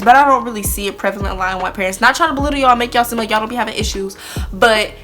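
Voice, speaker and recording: A young woman chatting candidly to camera as a vlogger, blunt and expressive, speaking straight to her viewers. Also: a little high. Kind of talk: candid casual chat to camera.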